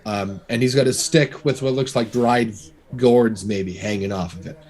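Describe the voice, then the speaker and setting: A man's voice: mid-range voice, normal speed. A man narrating as game master, talking loosely with many restarts and fillers. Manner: relaxed, filler-heavy narration with frequent restarts.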